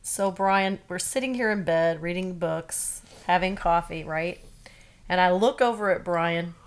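A woman's voice: fairly low pitch, unhurried, clear, resonant tone. A woman co-hosting a podcast from her bedroom, chatting and telling stories in an easygoing way. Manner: chatty, storytelling. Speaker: podcast co-host. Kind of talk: casual chat. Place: bedroom at home.

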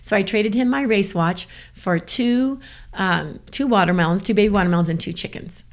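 Animated woman from the American South. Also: mid-range voice, moderate pace. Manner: animated, laughs often while telling a story. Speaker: guest. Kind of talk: casual storytelling.

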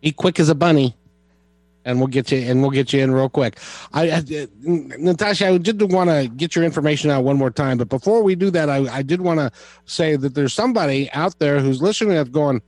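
A man's voice: fairly high pitch, fairly quick, darkish tone, no echo. A man hosting a call-in radio show, chatty and friendly with folksy asides to callers. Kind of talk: casual talk radio hosting.

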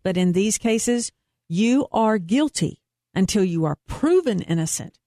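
A woman's voice: mid-range voice, lively intonation, a little slow, warm tone, no echo, studio quality. A woman working as a private investigator, talking earnestly and emphatically as a guest in an interview. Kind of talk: interview conversation.

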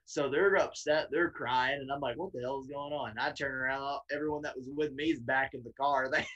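Young guy wrestler spinning a road trip yarn, husky voice, swears a lot, chill. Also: medium pitch, steady tone, a little fast, fairly bright tone, muffled recording. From Tennessee, USA. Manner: laid-back, swears casually, laughs while telling. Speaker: podcast guest, independent wrestler. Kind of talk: casual storytelling.

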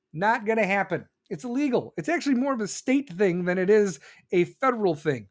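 A man with a fairly high voice rants about politics in a heated, profane and sarcastic way. He reads viewer comments and talks like a casual commentary host. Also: lively intonation, fairly quick, hardly any pauses.

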